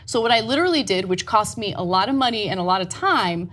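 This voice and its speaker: A woman co-hosting a talk show, telling a story in casual, animated chat and swearing freely. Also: medium pitch, fast, hardly any pauses. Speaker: show co-host.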